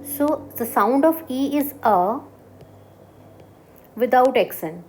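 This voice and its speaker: A woman's voice: sits high, expressive, measured pace, a little hiss or hum. A woman teaching a beginner French class, explaining step by step and often checking that the students understood.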